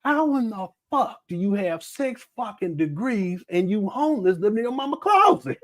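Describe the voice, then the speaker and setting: A man with a high voice that jumps up and down a lot, hosting a livestream. He jokes and curses freely and stumbles over his own words. The sound is dry and close. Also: sing-song, moderate pace, dry recording. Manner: loose, joking and profane, trips over his words. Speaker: livestream host. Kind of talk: casual reaction commentary.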